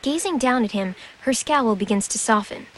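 A woman reading a scripted audio description of a film in an even, measured manner. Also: fairly high pitch. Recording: narration over loud film noise.

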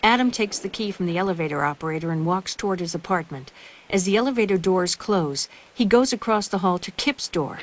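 A woman reads audio description in a calm, even voice. Her voice sits a little low for a woman. Loud film ambience runs underneath. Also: fairly quick. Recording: noisy film soundtrack behind.

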